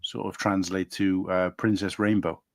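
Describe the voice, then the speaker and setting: Deep-voiced Welsh man with a burr. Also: flat delivery, no room sound, studio quality. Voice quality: low burr. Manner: hesitant, halting with many fillers. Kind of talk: casual podcast chat.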